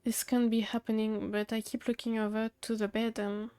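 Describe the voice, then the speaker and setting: A woman's voice: a little high, flat delivery, moderate pace, dark tone, clean tone, dry recording. A woman streamer reading game dialogue aloud in a matter-of-fact way, with small asides of her own.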